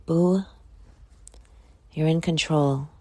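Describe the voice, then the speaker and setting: A woman's voice: low voice, fairly even intonation, very slow, darkish tone. A sleepy, yawning woman hosting her own podcast, rambling and motivational, swearing now and then. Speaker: podcast host. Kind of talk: casual solo podcast monologue.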